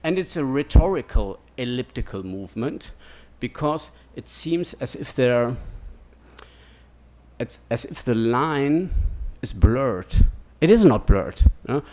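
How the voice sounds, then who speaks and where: A man's voice: mid-range voice, expressive, takes it slowly, darkish tone. A man giving an academic lecture in a digressive way, checking in with "yeah?" and "no?" as he goes. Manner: digressive, keeps asking "yeah?" and "no?".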